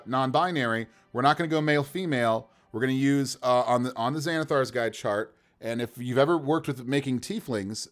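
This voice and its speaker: Casually chatting on a livestream, a male game master rolls dice to build characters, animated and laughing often, in a medium-pitched voice.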